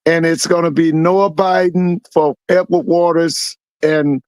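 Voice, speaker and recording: A man's voice: on the high side, fairly even intonation, unhurried, darkish tone, clear, resonant tone, no room sound, rough recording. A man co-hosting a casual sports podcast, laid-back and playful, repeating himself as he goes. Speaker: podcast co-host.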